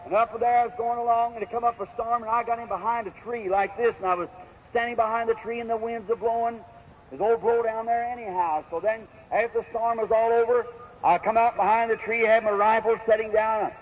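A man with a high voice preaches a storytelling sermon in plain, folksy words. His speech has a homespun rural grammar. The recording is dull and lo-fi with a faint hiss behind it. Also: fairly even intonation, fairly quick.

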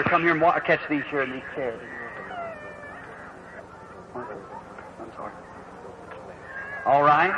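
Revival preacher, earnest and folksy, higher voice, on a muffled hissing old tape. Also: male voice. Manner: folksy, earnest, calls out prayer card numbers, rises to fervent emphasis. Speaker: preacher leading a healing service. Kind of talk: revival sermon and prayer line. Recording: lo-fi old recording with audible hiss.

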